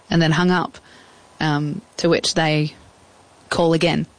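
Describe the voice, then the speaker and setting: A woman in her thirties with an Australian accent chats as a guest in an interview, telling casual stories and acting out old phone calls in quoted voices. Her voice is low-pitched with little pitch movement, her pace slow, and the audio poor.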